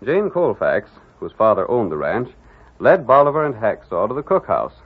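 A man narrating a radio western with a lively announcer delivery. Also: fairly low pitch, normal speed, breathy edge. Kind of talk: scripted narration. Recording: tinny old radio with faint music.

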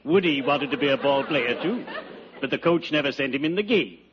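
A man playing a syrupy, deadpan undertaker. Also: on the high side, a little fast, dull audio, crowd noise, close to an everyday voice. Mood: unctuous. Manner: syrupy, pompous and deadpan with morbid puns. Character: unctuous male undertaker, droll and gloomy. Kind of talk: 1940s radio acting. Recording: scratchy old radio broadcast.

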